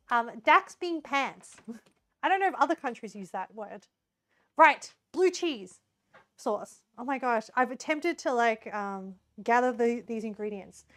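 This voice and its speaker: Aussie woman cooking on stream, high voice, giggles a lot, jumps between thoughts. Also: expressive, takes it slowly, pauses often, fairly bright tone. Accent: Australian. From Australia. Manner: giggly, scattered, chatty. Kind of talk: casual live-stream chat while cooking.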